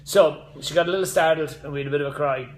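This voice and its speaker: A man's voice: a little high, fast talker. A man in his thirties, a fitness coach hosting a casual live stream, rambling with side notes and motivational asides. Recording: echoey room.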